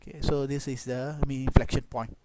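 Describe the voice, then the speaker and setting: A man's voice: mid-range voice, level tone, brisk. A man with a Malaysian accent teaching a math class, mixing English and Malay and saying "okay" and "lah" often. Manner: code-switches between English and Malay, frequent "okay" and "lah". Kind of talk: online class lecture. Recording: loud background noise with clicks.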